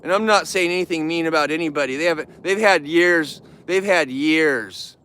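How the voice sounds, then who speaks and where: A man talking straight to camera in a rambling, heartfelt way, his voice smooth and resonant. He sits a little higher than most men and gets worked up and bitter easily. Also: fast talker, sharp tone. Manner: emotional, rambling, earnest. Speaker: vlogger who keeps bears. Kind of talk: casual talk to camera.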